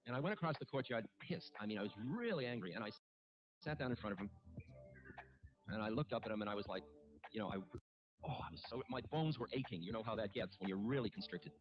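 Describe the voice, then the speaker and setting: A man who is a spiritual teacher tells a personal story in a halting, candid, self-mocking way, with many restarts. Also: lowish voice, expressive. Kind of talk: reflective storytelling talk. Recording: muffled archive recording with music. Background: music playing underneath.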